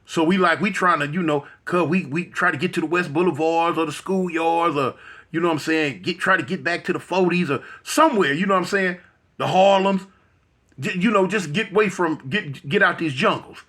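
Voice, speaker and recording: Speaking briskly with a fairly bright tone, a husky, high-voiced Los Angeles man gives an animated account as an interview guest. He impersonates the people in his story, loops back and restarts often, and leans heavily on slang.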